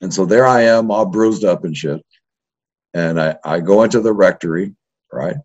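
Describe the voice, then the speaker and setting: This low voice at a moderate pace belongs to an older history professor from East Los Angeles. He's animated and profane, casually telling stories of his youth in an interview and ending line after line with "right?", all on a dull lo-fi recording.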